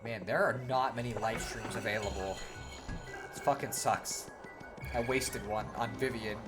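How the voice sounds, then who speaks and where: Low-voiced woman swearing through a game. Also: fairly even intonation, unhurried, poor audio. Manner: casual, swearing, thinking aloud. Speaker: game streamer. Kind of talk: let's-play commentary. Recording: game music behind.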